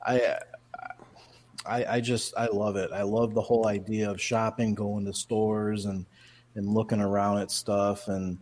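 A man's voice: lowish voice, little pitch movement, unhurried, a little mellow. Man, podcast co-host, casual chat, rambling, lots of filler words, faint background noise. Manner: rambling, full of fillers and restarts.

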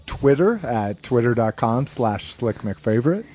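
A man's voice: mid-range voice, sing-song, unhurried, mellow, husky, faint music behind. A man co-hosting a casual podcast, joking and laughing often as he reads out contact details. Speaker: podcast co-host.

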